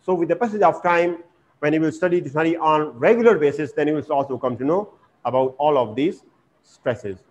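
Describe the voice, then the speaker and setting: High-voiced man teaching word stress. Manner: slow and deliberate, repeating words with exaggerated stress, frequent "uh". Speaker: English teacher. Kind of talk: vocabulary lesson. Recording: dull lo-fi recording.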